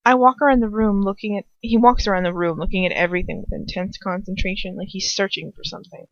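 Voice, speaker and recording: A woman's voice: medium pitch, steady tone, fairly quick, no echo. A woman reading a first-person fan fiction story aloud, emotive and casual, with chatty asides. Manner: emotive, breaks off into giggly asides. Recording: dull, dry lo-fi recording.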